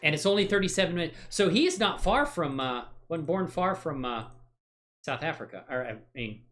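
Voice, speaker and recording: A man hosting a software livestream, chatting casually and thinking aloud while he works, rambling and joking at his own expense with frequent laughs. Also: on the high side, lively intonation, moderate pace. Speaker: livestream host.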